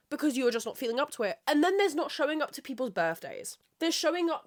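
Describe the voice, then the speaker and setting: A woman's voice: high voice, big pitch swings, fast talker, hardly any pauses. Woman doing a solo podcast rant, swears a lot, goes off topic, voice swoops all over. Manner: ranting, heavy swearing; rambling, loses her train of thought. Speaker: podcast host.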